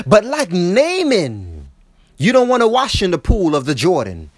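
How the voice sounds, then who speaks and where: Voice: mid-range voice, huge pitch swings, unhurried, breathy edge, no room sound, clean studio sound. A preacher delivering a sermon, acting out quoted voices and often repeating words. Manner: repeats words as they speak.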